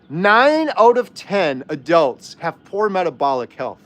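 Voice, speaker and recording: Speaking at a measured pace in a high, slightly bright voice, a very animated man hosts a livestream. He works through viewer comments in a heated rant full of rhetorical questions.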